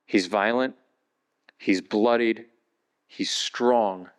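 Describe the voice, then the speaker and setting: A male pastor preaching a sermon, retelling a Bible story vividly and building to excited, high-pitched passages. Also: extremely slow.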